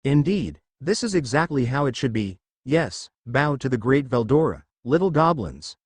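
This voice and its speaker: A man's voice: very animated, moderate pace, slightly rough, dry recording. A man voicing a boastful male storm dragon in slime form, with a grandiose manner and big laughing boasts. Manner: booming theatrical laugh, grandiose. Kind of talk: fan fiction reading.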